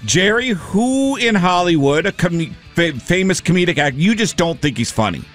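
A man's voice: high-pitched, expressive, moderate pace, a bit bright, faint music behind. A man co-hosting a radio show, joking around and tossing in silly nonsense sounds. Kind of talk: casual radio banter.

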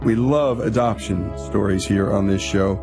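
A male radio host narrating and wrapping up a story segment in a measured, storytelling delivery. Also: lowish voice, vocal fry. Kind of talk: scripted narration. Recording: guitar music beneath.

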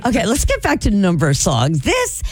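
A woman radio host telling a story in casual on-air chat, animated and laughing often. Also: medium pitch, normal speed, breathy edge, no room sound. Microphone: studio microphone.

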